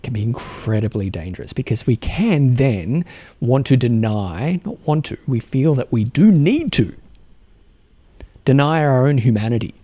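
A man with an Australian accent hosting a solo podcast, talking earnestly and haltingly with many restarts and repeated words. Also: mid-range voice, expressive, warm tone, dry recording. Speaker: podcast host.

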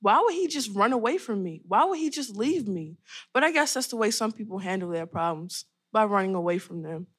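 A woman's voice: mid-range voice, very animated, fairly quick, breathy edge. A woman voicing a blunt twelve-year-old girl who is looking for her father in an audio drama. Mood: indignant. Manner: blunt, questioning.

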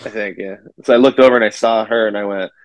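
A man with a lowish voice tells a story in a halting way, pausing often. His sound is dry and close, with no room echo. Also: steady tone, dull audio. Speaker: comedian guest. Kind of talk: anecdote telling.

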